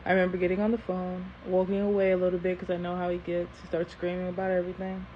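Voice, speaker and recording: A woman tells a personal story on camera in a casual, animated way, often repeating phrases for emphasis. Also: fairly low pitch, fast talker. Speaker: storytime host. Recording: dull lo-fi sound with faint hiss.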